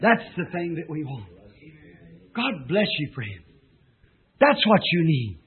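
A man preaching a fervent revival sermon that rises to shouts. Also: fairly high pitch, sing-song, slow pace. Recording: tinny lo-fi old tape recording.

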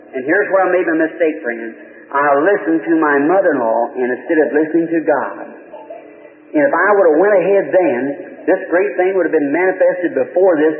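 A man preaching a sermon, telling stories in a plain-spoken, lively way. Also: a little high, normal speed, slight background noise. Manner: plain-spoken, animated storytelling. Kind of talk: folksy storytelling sermon. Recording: tinny old archival hall recording.

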